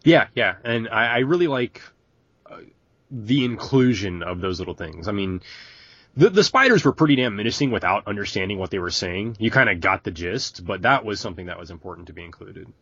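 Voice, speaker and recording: A man with a husky, low voice trades dry, sardonic comments on a film podcast. His intonation moves a lot. The recording is dry and slightly dull. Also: expressive, a little fast, pushed and bright, no echo. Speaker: podcast co-host. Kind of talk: casual film discussion.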